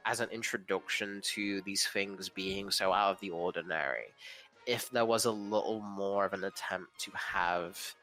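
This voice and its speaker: A man with a fairly low but bright, forward voice talks over a comic book in casual podcast chat. He hedges and restarts his sentences as he weighs each point. Faint music plays underneath. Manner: thoughtful, hedging, restarts mid-sentence. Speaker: podcast co-host.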